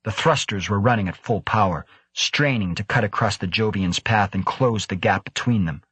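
A man narrating a science fiction audiobook in a measured, even storytelling manner. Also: fairly low pitch, husky, no room sound. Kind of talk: scripted narration.

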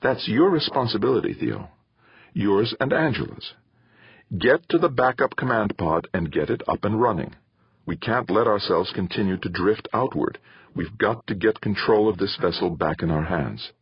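A man's voice: fairly low pitch, animated, moderate pace, husky, no echo, highs cut off, voice pushed up, full character voice. A man voicing a stern, firm mother who gives orders, in a storybook reading.

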